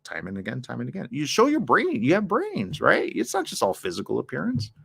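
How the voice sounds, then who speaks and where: Animated male talk show host. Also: medium pitch, brisk, creaky, breathy edge. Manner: animated, acts out both sides of arguments; addresses the ladies in the audience directly. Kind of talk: talk show monologue, casual advice.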